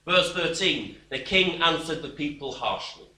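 Bright-voiced preacher in an echoey room. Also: male voice, a little high, a little slow. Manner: emphatic and expressive, with wry dismissive asides. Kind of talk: sermon expounding scripture. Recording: echoey room, voice heard from away from the mic.

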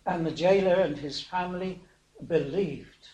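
High-voiced man preaching in an echoey room. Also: measured pace, dark tone, muffled recording. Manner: hesitant, many fillers, asks rhetorical questions. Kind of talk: sermon retelling a Bible story.

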